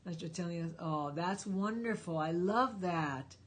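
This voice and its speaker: A woman's voice: fairly low pitch, a little slow, husky. A woman hosting a live stream Q&A, answering viewers' questions with emphatic, encouraging life advice. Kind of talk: live stream Q&A, reading chat.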